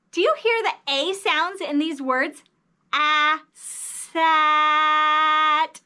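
A woman leading young children through a phonics lesson in a sing-song teacher voice. Her voice is very high, bright and lively, and she talks slowly and carefully. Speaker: early reading teacher.

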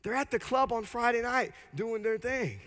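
A man pastor preaching an energetic sermon in a church, leading the congregation in call-and-response. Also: very high-pitched, moderate pace, in a large hall. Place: church sanctuary.

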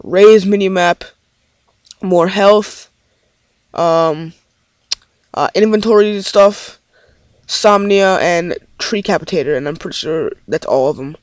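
A man's voice: high voice, slow, long pauses, no echo. A man giving rambling let's play commentary on his game, easily frustrated and swearing often. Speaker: gaming commentator.

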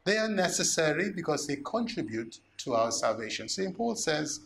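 A man, a priest preaching a sermon, slow and emphatic, asking rhetorical questions. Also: fairly high pitch, big pitch swings, gravelly, a bit bright, a little hiss or hum.

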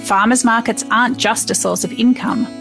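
A woman podcast host reading smooth scripted narration links between interview clips. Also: fairly high pitch, normal speed. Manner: smooth, even voice-over links. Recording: narration over guitar music.

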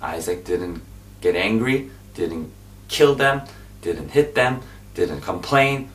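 A man preaching an informal sermon, repeating his points and exhorting his listeners, swinging between loud emphatic bursts and hushed whispers. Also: low voice, animated, slow pace. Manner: repetitive, exhorting, drops into asides. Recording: echoey room, voice from a distance.

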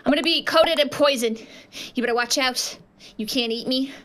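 A woman's voice: high voice, moderate pace, a bit bright. A woman livestreaming a game with viewers, chatting casually, scolding sassily and shrieking in mock terror. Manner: sassy scolding. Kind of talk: casual livestream gameplay chat.

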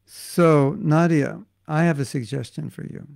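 A middle-aged man teaches a devotional class in a loose, joking, conversational manner. His voice sits a bit high for a man and carries a steady gravelly fry. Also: measured pace. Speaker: spiritual teacher.

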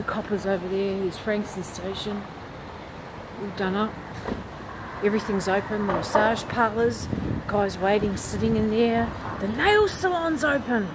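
A woman's voice: mid-range voice, unhurried, noisy background. A woman vlogging as she walks a city street at night, chatty and rambling, recorded on a handheld phone. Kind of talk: casual street vlog chat.

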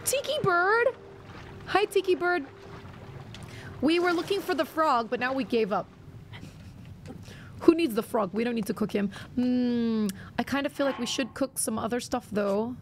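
A woman's voice: a little high, normal speed, slight background noise. A woman live-streaming a video game, chatting playfully and reacting to her viewers' messages.

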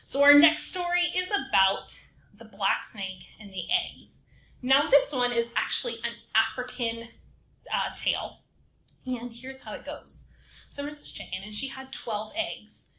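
Woman storyteller, bright and a bit high, playful children's-program read, roomy echo. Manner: lively, acts out characters in whispers and squeals. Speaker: librarian storyteller.

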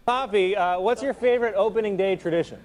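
An actor playing an upbeat sports interviewer asking bright questions. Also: male voice, sits high, fast talker, loud music behind the voice, lightly acted.

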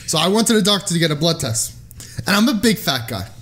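Male podcast co-host with a high, lively voice, teasing and rambling through a story. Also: quick pace. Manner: joking, provocative, animated storyteller. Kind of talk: casual podcast chat, storytelling.

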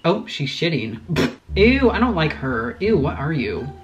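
A woman's voice: deep voice, very animated, measured pace, muffled recording, noisy background. A woman YouTuber giving casual gaming commentary, chatty and rambling, swearing constantly and easily startled. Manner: chatty, rambling asides to viewers. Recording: music playing behind the voice.

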